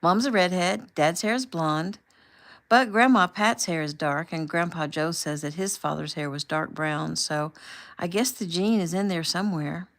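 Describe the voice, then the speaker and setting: A woman voicing a young newlywed wife, excited and emotional, raising her voice with a slight gravelly edge. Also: moderate pace. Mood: cheerful. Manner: excited, higher and louder.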